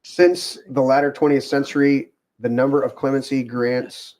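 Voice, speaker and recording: A man's voice: mid-range voice, flat delivery, moderate pace, a little mellow. A man hosting a casual talk show with co-hosts, reading aloud from a web page with many fillers and restarts. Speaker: podcast host.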